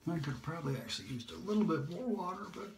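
A man hosting a shaving video, chatting in a relaxed, rambling way and talking to himself as he shaves. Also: fairly high pitch, very fast, a little hiss or hum. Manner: relaxed, rambling, self-talk while shaving. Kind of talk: casual shaving vlog chat. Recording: echoey room.

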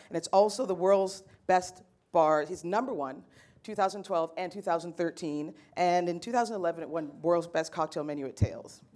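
A woman's voice: fairly low pitch, darkish tone. Chatty woman moderating a panel. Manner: chatty, playful, lots of fillers. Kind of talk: hosting a live panel talk.

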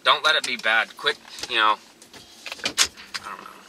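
A man's voice: medium pitch, measured pace, far from the mic. A man giving a rambling, earnest motivational rant to a handheld camera while out running errands. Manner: rambling, earnest, restarts often. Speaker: vlogger. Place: in a car and outdoors. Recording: noisy car and street background.

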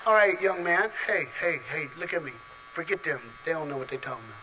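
A man preaching a lively youth sermon to a large live audience, playful and direct, calling on people in the crowd and swinging from soft asides to shouts. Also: a little high, quick pace, slight background noise, poor audio.

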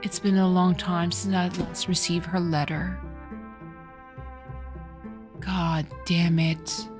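A woman's voice: fairly low pitch, little pitch movement, slow pace, over music. A woman streamer giving casual let's-play commentary, reading the game's text aloud and then getting tearful and swearing.

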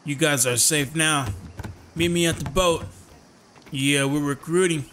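A man giving casual, excitable commentary while he plays a video game, often laughing and talking to himself. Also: fairly high pitch, a little slow, a little hiss or hum. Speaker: gaming channel host. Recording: voice over loud game music.

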